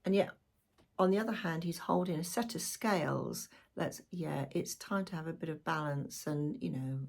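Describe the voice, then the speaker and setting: A middle-aged woman chats warmly through a tarot reading for her viewers. Her voice is a little low, husky and croaky. She keeps breaking off for friendly asides. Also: moderate pace. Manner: warm, chatty and lively, with asides to viewers. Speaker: tarot reader. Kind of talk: chatty tarot reading vlog.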